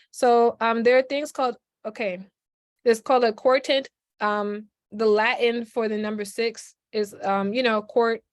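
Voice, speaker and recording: A woman's voice: on the high side, no echo, studio quality. A woman from Brooklyn, chatting animatedly as a guest on a video call, full of "like" and "yo". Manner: animated, lots of "like" and "yo", laughs often. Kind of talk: casual chat on a video call.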